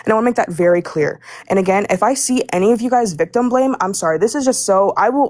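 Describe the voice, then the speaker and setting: A young woman speaking in a live audio room, furious and stumbling over her own words. Her voice sits at an everyday pitch and sounds dry and close, with no room around it. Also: quick pace, few pauses, darkish tone, dry recording. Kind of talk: heated live call-in rant.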